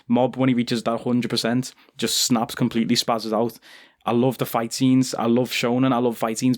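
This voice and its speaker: A young man hosting an anime reaction video, talking casually and excitably with lots of slang and fillers. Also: mid-range voice. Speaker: anime reaction channel host.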